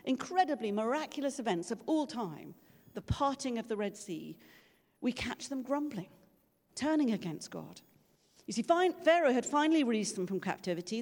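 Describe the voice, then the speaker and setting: Her voice fairly high and a little mellow, with big swings in pitch, a female preacher delivers a sermon at a moderate pace. She tells stories in a conversational style and performs the voices she quotes, while the big church gives the sound a long reverb.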